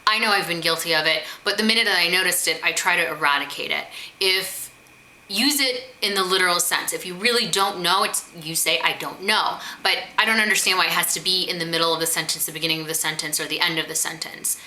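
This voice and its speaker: A woman's voice: lowish voice, quick pace, sharp tone. A woman giving advice in a vlog, talking directly and emphatically and acting out little quoted phrases. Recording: echoey room.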